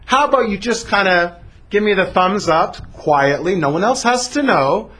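A man's voice: high-pitched, animated, moderate pace, fairly bright tone, pitched above the performer's own voice. A man playing a scheming, conspiratorial general. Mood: coaxing. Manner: urgent, then sly and coaxing.

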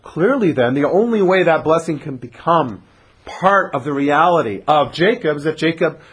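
Man, Torah lecture, husky voice, lively swooping pitch, dramatic, acts out voices. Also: moderate pace. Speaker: Torah teacher.

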